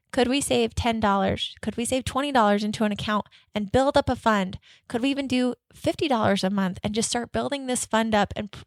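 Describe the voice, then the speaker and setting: A woman hosting a dental practice podcast, coaching staff in an energetic, upbeat way and acting out both sides of patient conversations. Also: fairly high pitch, no room sound, studio quality. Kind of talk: instructional podcast with role-played office dialogue.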